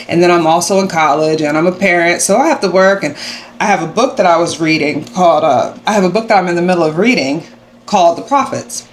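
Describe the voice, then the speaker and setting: A young adult woman sharing a personal faith testimony to camera, animated and acting out her own angry retorts. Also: lowish voice, a little hiss or hum. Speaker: faith vlogger.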